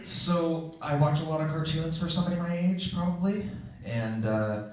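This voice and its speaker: A man rambles apologetically through a story setup, talking low and softly. He sounds distant in a very echoey room with a faint background hiss. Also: normal speed. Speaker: improv performer. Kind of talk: improv storytelling.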